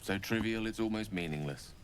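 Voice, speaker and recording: An actor playing a weary, brooding companion in a video game, speaking in a measured, grave way. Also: male voice, on the low side, noisy background, lightly acted. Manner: measured, grave, reflective delivery.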